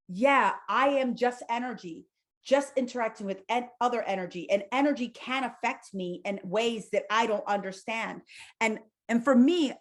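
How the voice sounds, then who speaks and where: Woman guest telling stories, lively. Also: a little high. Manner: animated storyteller, acts out quotes. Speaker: guest, psychic healer and life coach. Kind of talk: casual podcast conversation.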